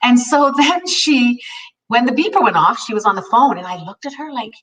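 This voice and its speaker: A middle-aged woman co-hosting a talk show shares a personal story earnestly and from the heart, restarting often. Her fairly high, fairly bright voice is expressive at a normal speed, and she sounds a bit distant from the mic.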